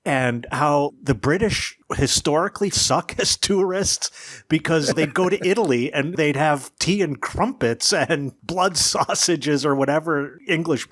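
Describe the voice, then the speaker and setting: A man's voice: on the high side, fairly bright tone, dry recording, studio quality. A man co-hosting a podcast, asking thoughtful questions with the occasional wry aside. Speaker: podcast co-host. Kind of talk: academic discussion.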